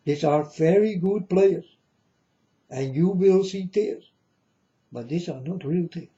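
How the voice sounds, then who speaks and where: A man's voice: sits high, slow, warm tone, muffled recording. Earnest man warning his folks. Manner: repetitive, earnest, addresses listeners as folks. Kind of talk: rambling spoken warning to viewers.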